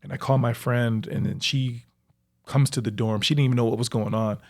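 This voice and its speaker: A young man, a professional athlete, reflectively recounting his own life story in a halting way, with frequent fillers. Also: mid-range voice, fairly even intonation. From United States. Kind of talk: personal storytelling.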